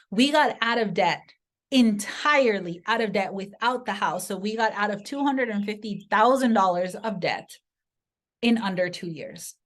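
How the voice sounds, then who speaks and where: A woman giving an earnest motivational sales pitch to camera, speaking directly to the viewer and telling personal stories. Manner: earnest, direct, story-driven persuasion. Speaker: sales presenter.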